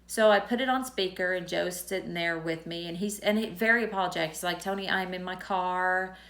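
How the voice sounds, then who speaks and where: Middle-aged woman, a bit of fry, chatty and candid, vlog storytelling. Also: fairly low pitch, fast talker, a bit bright. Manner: candid, conversational, retells dialogue. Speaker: teacher.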